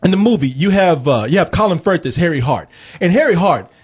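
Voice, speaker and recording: A man hosting a movie review podcast, talking in an animated, joking, profane casual chat. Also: on the high side, brisk, slightly rough.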